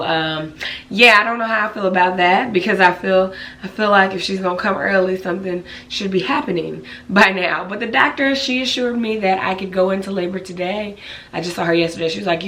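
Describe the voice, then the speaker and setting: A woman vlogger with a lowish, slightly bright voice chats casually to the camera, hoarse and raspy from a cold. She runs out of breath easily and keeps things friendly, with plenty of likes and ums.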